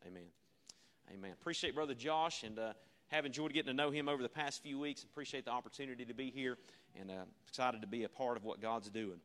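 A man's voice: medium pitch, fast, a bit bright. A man preaching a revival sermon, earnest and repetitive, asking the congregation rhetorical questions. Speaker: visiting preacher.

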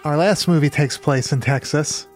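Excitable, profane young-sounding man. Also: fairly high pitch, normal speed, soft background music. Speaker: podcast co-host. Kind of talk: casual movie discussion.

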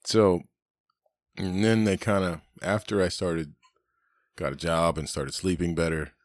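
A man's voice: low-pitched, fairly even intonation, measured pace, dry recording, clean studio sound. A middle-aged man on a podcast, casually telling rambling stories full of swearing and laughter. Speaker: podcast host. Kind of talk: casual storytelling chat.

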